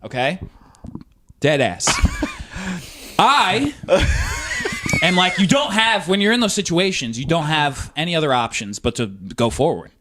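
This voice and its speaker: A man's voice: on the high side, wildly swooping pitch, measured pace, pauses often, background noise. A man co-hosting a podcast, telling a story in casual, profane, rambling chat. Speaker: podcast co-host.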